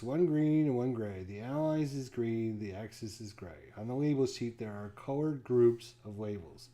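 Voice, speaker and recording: A man's voice: medium pitch, animated, normal speed, few pauses, warm tone. A man unboxing a board game, casually thinking aloud to himself and counting pieces under his breath.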